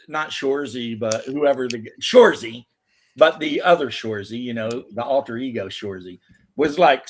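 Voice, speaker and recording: An American man telling stories in loose, profane casual chat. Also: mid-range voice. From United States. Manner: animated storytelling, swearing. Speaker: podcast host.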